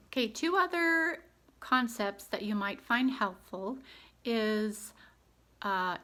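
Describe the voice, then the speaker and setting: Bright-voiced chatty mother giving advice. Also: fairly high pitch. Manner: earnest, chatty with frequent fillers. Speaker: homeschooling mother. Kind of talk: casual advice vlog.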